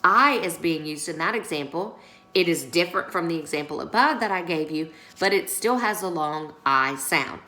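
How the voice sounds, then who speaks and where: A woman's voice: on the low side, animated, moderate pace, sharp tone, roomy sound, poor audio. A woman teacher giving a recorded lesson, explaining workbook pages patiently and often checking in with her class. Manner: patient, instructive, frequent check-ins.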